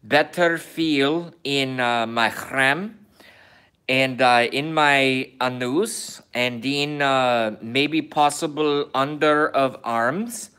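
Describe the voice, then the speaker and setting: A man's voice: medium pitch, pushed and bright, smooth. A man doing a crude mock-Kazakh caricature. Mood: goofy. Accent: put-on mock Kazakh accent. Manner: broken English, slow halting delivery with many "uh"s. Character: broken-English foreign male caricature, crude and bragging. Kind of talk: comedic impression in a vlog.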